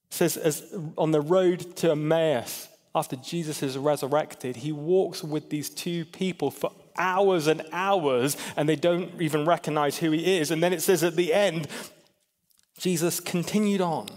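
A man preaching an informal sermon, chatty and laughing easily, dropping to a hush for the quiet points. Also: a little high, big-room sound.

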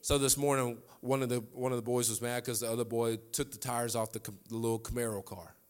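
A man's voice: mid-range voice, little pitch movement, quick pace, clean tone. A man, preaching a sermon to a congregation and repeating key lines for emphasis. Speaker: pastor. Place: church sanctuary.

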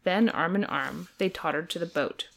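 A woman's voice: lowish voice, moderate pace, gravelly, fairly bright tone. Woman narrating a playful dramatic reading. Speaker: podcast host, reader.

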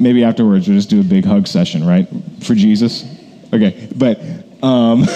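A man's voice: medium pitch, warm tone, muffled recording. A man, a pastor, preaching a casual, conversational sermon full of asides and fillers.

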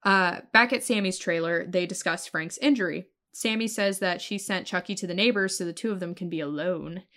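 A woman's voice: fairly low pitch, brisk, hardly any pauses. A woman co-hosting a podcast, chatting casually as she recaps a TV episode and acts out the characters' lines. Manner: animated recapping with acted-out quotes. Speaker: podcast co-host.

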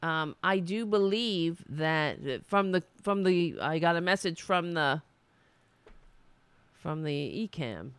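A person streaming political commentary from home into a desk mic, ranting in an animated, sarcastic way with many restarts. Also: mid-range voice, takes it slowly, smooth, no room sound. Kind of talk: ranting casual commentary to camera. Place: home in New York. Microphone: desk mic with webcam.

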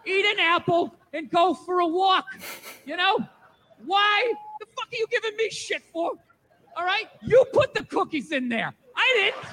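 A man's voice: extremely high pitch, pushed and bright, a little hiss or hum. A man doing a stand-up comedy routine, ranting in a profane way and putting on mocking voices.

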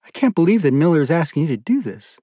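A man's voice: on the high side, very animated, quick pace, no echo, studio quality, pitched above the performer's own voice. A man voicing a worried, blunt woman looking after her ailing husband, speaking up sharply. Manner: sharp, pleading, raised voice.

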